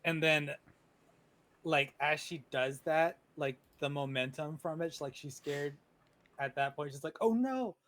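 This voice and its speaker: A man running a tabletop game as dungeon master, telling the story in an unhurried way with many fillers. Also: fairly high pitch, flat delivery, fairly bright tone. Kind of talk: narrating a tabletop game over a video call.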